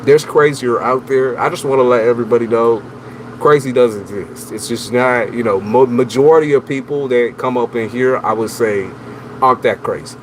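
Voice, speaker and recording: A man with a medium-pitched voice hosts a livestream, giving casual tarot readings at a normal pace. He's slangy and teasing, addressing viewers directly, while the poor audio carries a steady background noise.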